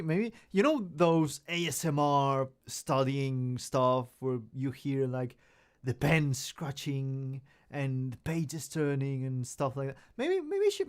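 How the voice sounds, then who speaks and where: A young man with a medium-pitched voice talks loosely through a live stream at home. He rambles, restarts his sentences and pokes fun at himself, speaking into a desk microphone. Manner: rambling, self-mocking, many restarts. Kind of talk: casual live stream chat.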